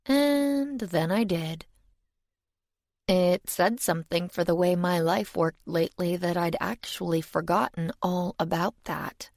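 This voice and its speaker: Low-voiced woman narrating a fantasy audiobook. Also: unhurried, gravelly, a little mellow, no room sound, studio quality.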